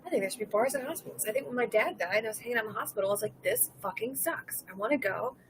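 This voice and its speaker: A woman from Louisiana hosting a casual comedic monologue, rambling and cursing and laughing her way through dark topics. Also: on the high side, racing, slight background noise, poor audio. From Louisiana, USA. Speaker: host.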